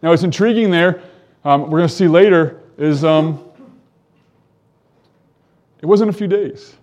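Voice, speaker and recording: Lively man teaching from the Bible. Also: on the high side, a little slow, lo-fi sound. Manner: reads scripture aloud and stops to comment; animated, voice climbing when quoting the characters. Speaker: preacher.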